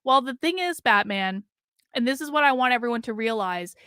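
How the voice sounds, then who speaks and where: A woman's voice: a little high, animated, a little fast, fairly bright tone, smooth, no echo, studio quality. A woman hosting a livestream, talking bluntly and conversationally with lots of fillers as she reads out chat comments. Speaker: livestream host.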